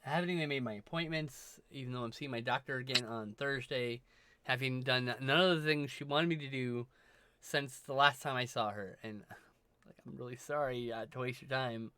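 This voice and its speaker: A man's voice: medium pitch, normal speed, sharp tone, a little hiss or hum. A man chatting casually on a livestream, rambling, swearing freely and trailing off mid-sentence. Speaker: livestream co-host. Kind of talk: casual chat while drawing.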